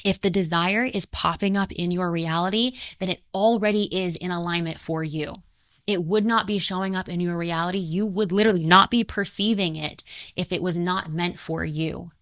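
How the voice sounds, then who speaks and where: A woman's voice: fairly low pitch, normal speed, a bit bright, dry recording, studio quality. A woman in her twenties giving an earnest spiritual motivational talk, emphatic and conversational, repeating her key points. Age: 20s.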